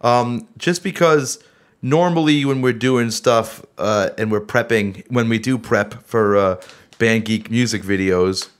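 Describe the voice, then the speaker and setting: A man hosting a podcast in casual, relaxed chat with many fillers. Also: mid-range voice, a little slow, clean tone. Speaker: podcast host.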